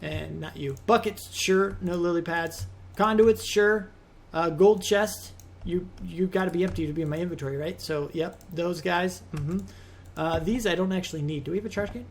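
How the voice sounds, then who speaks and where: A man's voice: high voice, normal speed, creaky. A man hosting a modded game let's play, talking casually through his gameplay with rambling asides and easy exasperation.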